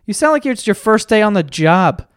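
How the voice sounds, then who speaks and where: A man's voice: high voice, very animated, normal speed, clear, resonant tone, dry recording. Profane, rambling man on a dry mic. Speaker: podcast host. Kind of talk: casual comedic rant. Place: at a computer, searching online.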